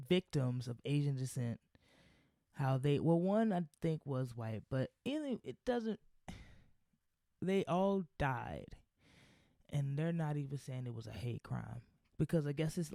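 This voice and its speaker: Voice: medium pitch, dark tone, dry recording. Profane, ranting podcast host, dry sound. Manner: loose, rambling with restarts. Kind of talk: solo podcast commentary.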